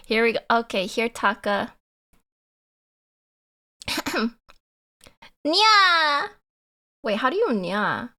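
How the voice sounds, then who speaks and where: Giggly young woman streaming, lively and bright. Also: a little high, slow. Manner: giggly, animated, often laughing. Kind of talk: casual live-stream chat.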